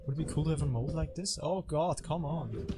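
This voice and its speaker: Casual male gaming commentator, rambling and self-mocking, with clear game music under him. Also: fairly high pitch, fairly quick. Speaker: gameplay commentator. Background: game music and effects.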